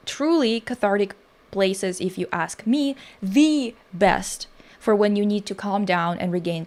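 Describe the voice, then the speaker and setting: Rambling, profane woman streamer. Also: mid-range voice. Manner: rambling, profane, self-interrupting. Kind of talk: casual livestream commentary.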